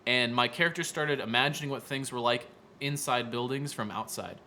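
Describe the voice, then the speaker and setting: A man's voice: mid-range voice, moderate pace, bright, forceful tone, a little hiss or hum. A man co-hosting a casual podcast chat, talking eagerly and leaning on filler words. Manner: enthusiastic, many "like" fillers. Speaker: podcast co-host.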